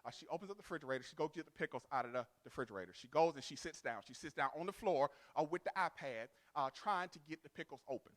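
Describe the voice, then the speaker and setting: A male pastor a sermon. He swings from loud, sung, rhythmic to quiet, chatty storytelling. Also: on the high side, lively intonation, fast talker, hardly any pauses. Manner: builds to loud, sung preaching cadence, then drops to quiet storytelling.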